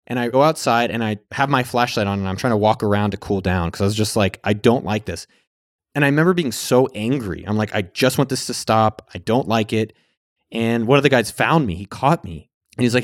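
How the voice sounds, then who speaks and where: A man's voice: mid-range voice, lively intonation, quick pace. A man tells a personal story straight to the camera in a casual, candid way. He swears freely and acts out the things he said at the time. His voice sits in the middle of the male range, and the recording is dry with no room echo. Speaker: vlogger.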